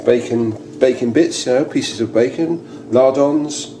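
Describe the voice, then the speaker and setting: A British cooking host takes his time, his mid-range voice dark in tone, as he casually demonstrates a recipe in his home kitchen, rambling and chatting with plenty of restarts. The sound is echoey, with faint noise.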